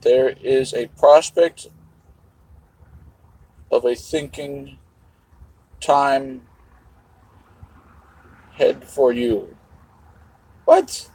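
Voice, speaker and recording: A man's voice: mid-range voice, extremely slow, long pauses, mellow, husky, dry recording, rough recording. A man hosting a live stream, rambling to his chat while eating, swearing casually as he goes. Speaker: livestream host.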